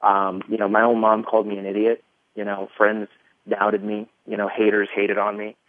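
A man's voice: on the low side, moderate pace, no room sound. A man in his thirties, a podcast guest, telling his story in a rambling casual way with many fillers. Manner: rambling, lots of fillers, animated retelling. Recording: tinny phone line.

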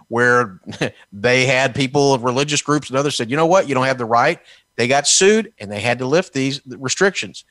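A man from Texas delivering a fiery political commentary, sarcastic and combative. His voice sits at an ordinary middle pitch. The sound is dry and close, with no room echo. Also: fairly bright tone. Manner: combative and sarcastic, mocking officials in put-on quotes. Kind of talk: heated political talk.

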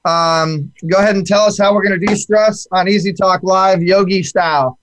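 A man's voice: high voice, steady tone, normal speed, fairly bright tone. A man hosting a casual talk show, with a hesitant manner and many repeated words. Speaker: show host.

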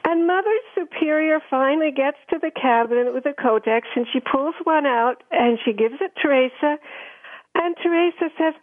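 A woman guest telling a story in a radio interview, acting out the quoted voices with lively energy over a phone line. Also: high voice, moderate pace. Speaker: guest speaker. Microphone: telephone.

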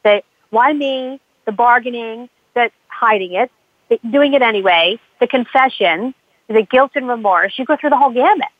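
A woman's voice: fairly high pitch, moderate pace, no room sound. A woman counselor telling stories with animation, acting out the voices of the people she works with. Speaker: addiction counselor. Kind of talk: conversational interview talk. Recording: tinny phone-like line, dry.

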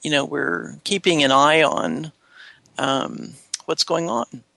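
A woman's voice: deep voice, takes it slowly, vocal fry, a bit bright, dry recording. A woman co-hosting a reflective talk show, speaking thoughtfully with frequent hesitations and restarts. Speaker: podcast co-host. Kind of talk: reflective casual chat.

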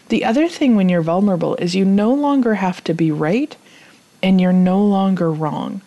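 A woman coaching listeners through a spoken self-help talk. She repeats clearing chants quickly and drops to a soft near-whisper on some phrases. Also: medium pitch.

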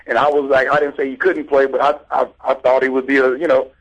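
A man's voice: mid-range voice, little pitch movement, fast, slightly rough, muffled recording. A man who played baseball in the infield, telling stories on a sports talk show and often saying "you know what I mean". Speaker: co-host, former baseball infielder.

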